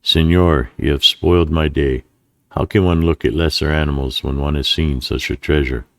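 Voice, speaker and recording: Narrator puts on a flattering, greedy Mexican officer, very deep voice, courtly and wheedling. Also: male voice, normal speed, creaky, no room sound. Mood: coaxing. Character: smooth, greedy Mexican cavalry colonel, adult man.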